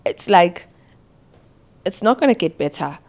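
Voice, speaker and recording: A young woman with a South African accent recounts her story in a low, grounded voice. She halts and stammers, repeats words, and drifts between English and isiZulu mid-sentence. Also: lively intonation, vocal fry, darkish tone. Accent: South African, mixing isiZulu and English. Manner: halting, stammering repetitions. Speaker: podcast guest. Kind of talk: personal storytelling interview.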